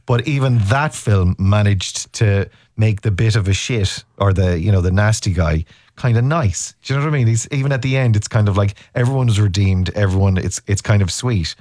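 A man hosts a casual chat, his voice sitting low. He rambles and restarts his sentences a lot, and the sound is close and dry, with no room around it. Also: darkish tone, no room sound. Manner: rambling, halting, many restarts. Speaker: interviewer.

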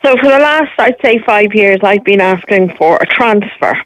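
A woman's voice: mid-range voice, lively intonation, no room sound, rough recording. Matter-of-fact Irish woman caller. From Ireland. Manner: measured and matter-of-fact, laying out facts step by step. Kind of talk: phone-in interview.

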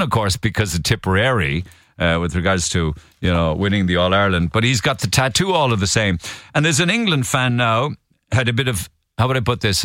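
A man's voice: on the low side, a bit bright, dry recording, studio quality. A man with a Cork accent, hosting a radio show and chatting through the morning's newspaper stories with jokey asides. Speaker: radio host. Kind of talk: casual radio chat.

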